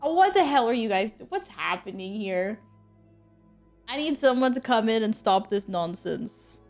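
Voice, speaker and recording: A woman game streamer chatting casually with her viewers, giggling and exclaiming as she thanks them in quick bursts. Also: on the high side, animated, a little mellow, faint music behind. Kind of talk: casual live-stream chat.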